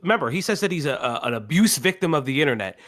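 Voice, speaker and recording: A man's voice: fairly high pitch, very animated, fast talker, a bit bright. A man co-hosting a casual reaction commentary, crude and sardonic.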